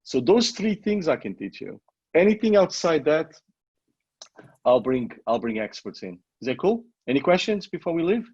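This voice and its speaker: Husky-voiced coach with a foreign accent. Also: male voice, fairly high pitch, very animated, moderate pace, a little mellow, no room sound. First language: not English. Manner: emphatic, repeats himself, swears casually. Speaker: online marketing coach. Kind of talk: motivational live coaching talk. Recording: dull lo-fi audio.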